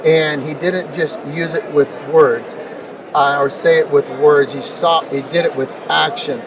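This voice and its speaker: Repeating words and stacking rhetorical questions, a middle-aged interview guest emphatically shares stories from his life in a conversational way. He speaks at a measured pace in a voice on the high side with fairly even intonation; the distant mic picks up noticeable noise.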